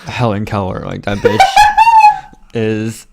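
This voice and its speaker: A man's voice: fairly low pitch, normal speed, vocal fry, very noisy. A man co-hosting a casual gaming podcast, blunt and crude in his jokes. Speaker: podcast co-host. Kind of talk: casual chat.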